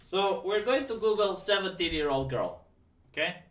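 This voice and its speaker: A man's voice: sits high, lively intonation, normal speed, a bit bright. A man hosting a live stream, talking casually in a sarcastic, mocking way with many stammered restarts. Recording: echoey room, distant mic.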